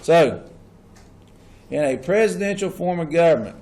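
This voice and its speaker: A man's voice: fairly high pitch, animated, measured pace, a little mellow. Man teaching a class. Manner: asks the class questions, repeats key points. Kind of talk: classroom lecture.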